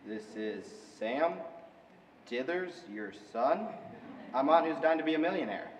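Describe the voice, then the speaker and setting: A nervous, dim contestant, played by a young man, flustered and hesitant, slightly high-pitched. The sound is dull and distant, echoing around a big hall with faint music in the background. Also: lively intonation, a little slow, slight background noise. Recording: muffled, echoey hall, distant mic.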